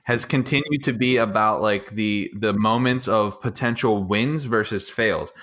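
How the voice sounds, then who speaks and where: A man with a somewhat low voice chatting on a podcast. He rambles enthusiastically, piling up filler words as he tells stories from game night. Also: unhurried, fairly bright tone. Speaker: podcast co-host. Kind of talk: casual chat.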